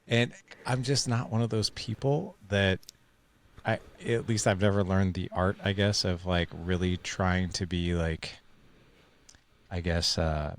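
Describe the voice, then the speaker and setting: Low-voiced man, rambling casual host. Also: steady tone, a little slow, slight background noise. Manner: rambling, restarts often, says "dude" and "like". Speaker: podcast host. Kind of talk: casual conversation.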